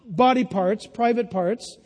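High-voiced older preacher in echoing hall. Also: male voice, a little slow, darkish tone. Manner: emphatic, playful asides. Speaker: pastor. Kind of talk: sermon. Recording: long reverb of a large hall.

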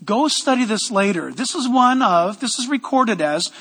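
A man preaching a sermon as pastor, energetic and loud, with joking asides to the congregation, in a church sanctuary. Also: very high voice, normal speed, breathy edge, big-room sound.

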